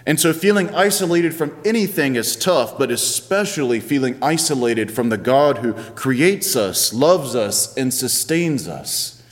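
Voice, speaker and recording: Conversational pastor preaching in echoing church. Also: male voice, mid-range voice, animated, measured pace, hardly any pauses. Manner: conversational, playful storytelling with varied pace. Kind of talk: sermon.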